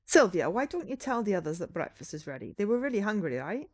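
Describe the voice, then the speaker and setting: A woman's voice: mid-range voice, sing-song, quick pace. A woman voicing a polite, apologetic young male werewolf neighbor. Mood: coaxing.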